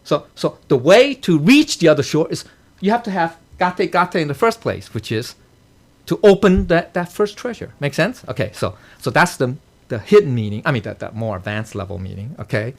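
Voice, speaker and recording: Breaking a sutra down term by term, a man teaches a temple class in a fairly high, animated, creaky voice at a moderate pace. As a dharma teacher he constantly checks in with "okay?" and "right?" and laughs at his own jokes.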